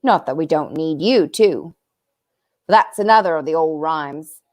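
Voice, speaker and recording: A woman's voice: sits low, unhurried. A woman voicing an earnest, kindly male talking beaver in a storybook, with a folksy drawl that creeps into his speech.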